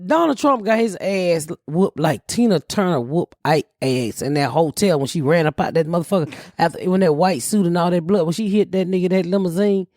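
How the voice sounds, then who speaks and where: A woman's voice: on the low side, a little fast, few pauses, a little mellow, dry recording, studio quality. A middle-aged woman hosting a podcast, brash and profane, roasting her co-hosts between laughs in casual comedic chat. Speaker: podcast host.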